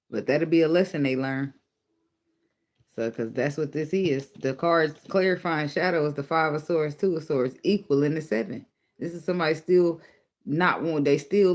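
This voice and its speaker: Blunt, teasing man reading tarot cards. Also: a little high. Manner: blunt, profane, teasing, laughs often. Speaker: tarot reader. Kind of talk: casual spoken tarot reading.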